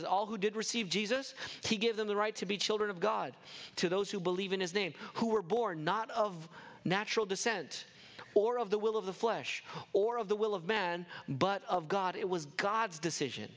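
A pastor with a high voice delivers an impassioned sermon. He keeps asking his listeners rhetorical questions and drives his points home with emphasis. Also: fairly bright tone.

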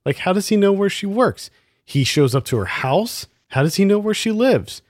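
A man's voice: high voice, very animated, moderate pace, darkish tone, no room sound, clean studio sound. A man in a casual film review chat, critical and exasperated, firing off rhetorical questions.

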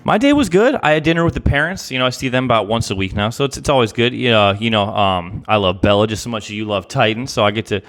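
Male podcast co-host, fast and eager, casual slangy chatter. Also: fairly low pitch, a bit bright. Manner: enthusiastic, casual, peppered with "bro". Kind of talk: casual chat.

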